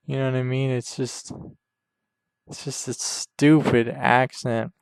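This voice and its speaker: A man hosting a podcast, rambling crudely and deadpan through an improvised comedy monologue over a game. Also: mid-range voice, slow pace, vocal fry, pauses often, clear, resonant tone, no room sound. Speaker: podcast host.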